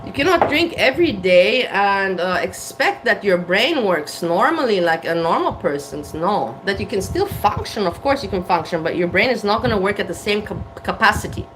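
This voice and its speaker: A woman's voice: medium pitch, sing-song, normal speed, few pauses, fairly bright tone, slight background noise, poor audio. A woman vlogging candidly to camera from her kitchen, frank and blunt, swearing and laughing at herself. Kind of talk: candid casual talk to camera. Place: home kitchen.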